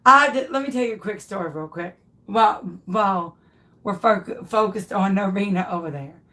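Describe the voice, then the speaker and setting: Hosting a craft tutorial, this thirty-something woman shares an amusing story from her own life, full of laughter and restarts. She speaks at a normal speed in a medium-pitched voice with a sharp tone.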